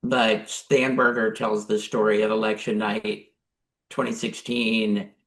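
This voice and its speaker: Male guest strategist, gravelly and even, thoughtful, restarts a lot. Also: fairly low pitch, low-quality recording. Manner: measured, hedging, with many restarts. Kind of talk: casual interview talk.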